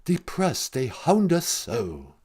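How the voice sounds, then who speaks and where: A man's voice: on the high side, wildly swooping pitch, slow pace, a little mellow, husky, voice pushed down, full character voice. A man voicing a whiny, self-pitying young English prince in a put-on English accent. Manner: plaintive, whining.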